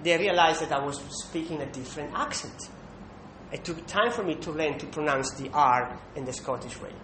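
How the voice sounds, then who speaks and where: Male preacher, high voice, emphatic sermon delivery, roomy echo with a faint low rumble. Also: moderate pace. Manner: emphatic, with rhetorical "Hmm?" checks. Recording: echoey room with faint rumble.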